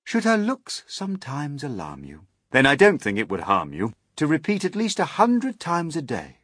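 Man reading a rhyming tale, lively and husky. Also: a little high, moderate pace, hardly any pauses, no room sound, clean studio sound. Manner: sing-song, rhythmic, playful. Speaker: storyteller. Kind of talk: reading a rhyming children's story aloud.

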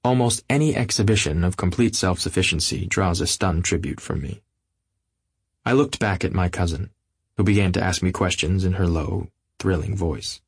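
Deep, husky male audiobook narrator. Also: no room sound, studio quality. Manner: measured, literary first-person reading. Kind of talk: scripted narration.

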